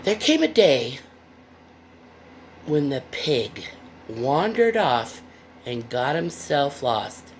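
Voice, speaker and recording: A woman's voice: deep voice, very slow, pauses often, slight background noise. A woman reading a picture book aloud with playful, chatty asides to young listeners. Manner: playful, expressive.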